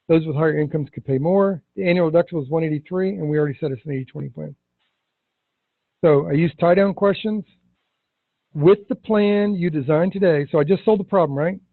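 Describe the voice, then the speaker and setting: A man teaching insurance agents in a sales training session, stressing key words and slowing down for effect. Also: on the high side, creaky, no room sound, phone-quality sound. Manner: emphatic, slows down to stress words.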